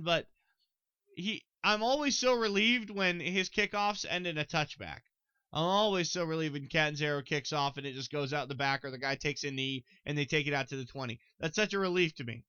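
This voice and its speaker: A young man hosting a casual solo sports podcast, excitable, talking straight to his listeners and swearing freely. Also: a little high, normal speed, clean tone, no echo, poor audio. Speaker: podcast host.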